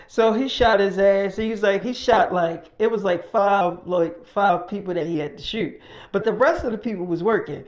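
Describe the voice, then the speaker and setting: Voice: medium pitch, normal speed. Casual slangy storyteller. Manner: casual slangy narration, profane. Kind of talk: improvised spoken storytelling.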